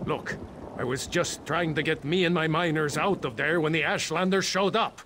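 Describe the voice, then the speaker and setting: A man's voice: fairly high pitch, moderate pace, a bit bright, a little hiss or hum, natural voice. An actor playing a nervous male mine boss in a video game, talking in a dry, sardonic way. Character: worried male mine boss, wry and jumpy. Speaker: mine owner non-player character.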